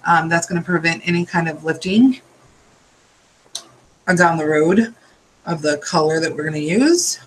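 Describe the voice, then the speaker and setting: A tired man talks viewers through a nail art tutorial in a loose, chatty way, wandering into asides as he works. His voice sits high for a man. A faint background hum runs beneath him. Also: expressive, unhurried, long pauses, poor audio. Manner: chatty, rambling asides while working. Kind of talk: casual step-by-step tutorial.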